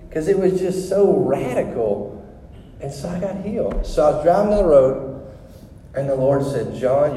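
A man's voice: fairly high pitch, a little hiss or hum. Middle-aged man telling his story in an echoey hall. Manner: rambling, animated storytelling with restarts. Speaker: speaker giving testimony. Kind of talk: sermon testimony. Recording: echoey hall with long reverb.

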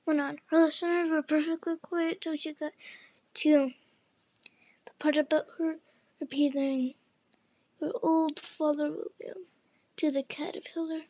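A woman reading a storybook aloud in a halting way, with frequent restarts and slips. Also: sits high, level tone, warm tone, dry recording. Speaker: storybook reader.

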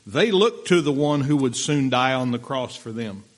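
A man preaching a sermon, reading scripture and explaining it in a slow, deliberate way, pausing for listeners taking notes. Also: mid-range voice, lively intonation.

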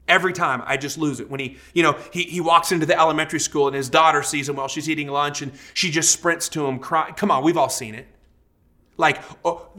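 Young male pastor, conversational sermon, bright tone, slightly high voice. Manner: conversational, emotive preaching with repetitions and asides.

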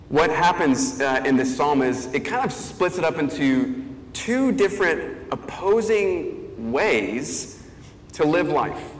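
A man preaches a sermon in a relaxed, conversational way, often pausing to rephrase his thoughts. His voice carries a long, roomy echo from a large hall. Faint ambient noise hangs behind him. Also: fairly high pitch. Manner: conversational, thinking aloud with fillers and restarts. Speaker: pastor.

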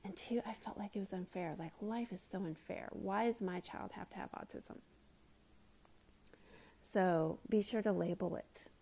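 A woman's voice: medium pitch, normal speed, warm tone, slightly rough. A woman hosting a self-help podcast, talking earnestly and conversationally as a mother, sometimes dropping to a whisper for emphasis. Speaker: podcast host.

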